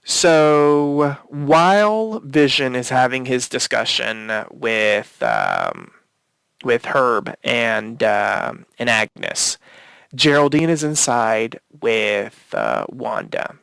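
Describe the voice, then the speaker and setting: A man co-hosts a casual podcast, talking through a TV episode with lots of fillers and eager restarts. His voice has a gravelly edge over a smooth, resonant core. The sound is close and dry. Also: medium pitch, very animated, very slow, a bit bright, dry recording. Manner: rambling, many fillers and restarts; enthusiastic, swears casually. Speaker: podcast co-host. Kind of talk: casual episode recap chat.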